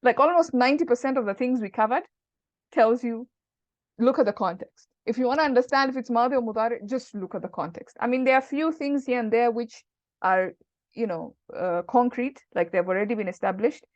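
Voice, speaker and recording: A woman with a slightly high voice teaches Arabic grammar in an easygoing lesson, patiently working through examples and slipping in Arabic quotes. The recording is dull and lo-fi, with a dry, close sound. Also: brisk, no room sound. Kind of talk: casual online lesson.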